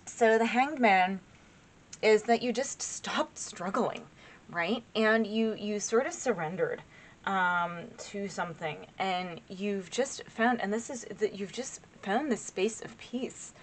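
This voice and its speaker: A woman in her forties chats through a tarot reading, easily excited and gushing over each card. She rambles with fillers and asides to her viewers in a voice of middling pitch. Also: slow. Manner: chatty and excitable, laughs often, gushes over cards. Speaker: tarot reader. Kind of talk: casual tarot reading to camera.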